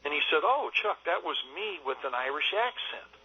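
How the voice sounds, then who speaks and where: An older man, a film director, telling anecdotes in a radio interview, halting with many fillers and restarts. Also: fairly high pitch, big pitch swings, noisy background. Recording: dull lo-fi radio line.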